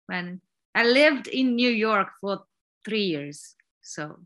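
A woman from Italy with an Italian accent, an actress answering interview questions, often pausing to search for words. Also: mid-range voice, expressive, fairly bright tone. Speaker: actress, guest.

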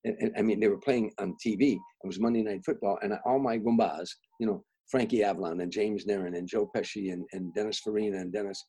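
Husky older man telling rambling stories. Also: on the low side, steady tone, a little fast, few pauses, rough recording. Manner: restarts, repeats words, grows soft and reflective. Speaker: guest, comedian and author. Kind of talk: rambling anecdotal storytelling.

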